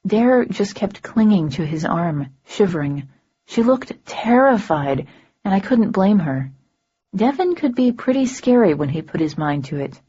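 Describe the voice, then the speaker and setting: A woman reads a first-person fantasy novel with a dry, sardonic edge. Her voice sits low and sounds husky and mellow. The recording has a dull, muffled quality. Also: expressive, a little slow. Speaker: audiobook narrator. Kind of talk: first-person audiobook narration.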